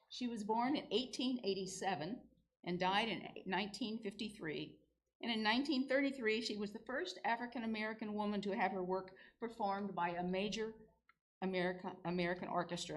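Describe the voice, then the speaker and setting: A woman's voice: mid-range voice, rough recording. Older woman leading a church service. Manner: friendly, chatty, lightly informal. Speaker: worship leader. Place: church sanctuary.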